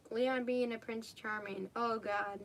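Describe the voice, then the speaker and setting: A woman's voice: a little high, steady tone, measured pace, creaky, a little hiss or hum. A young woman reading fan fiction aloud casually, stumbling and correcting herself and tossing in swearing asides. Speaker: fanfic reader.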